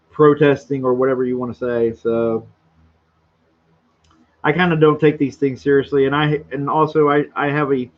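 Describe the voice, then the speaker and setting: A man chatting on a livestream in a rambling, boisterous, self-mocking way, his voice pitched a little higher than most men's and a touch hoarse. The sound is dull and lo-fi. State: slightly hoarse throat. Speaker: livestream host reading chat. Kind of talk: casual livestream chat.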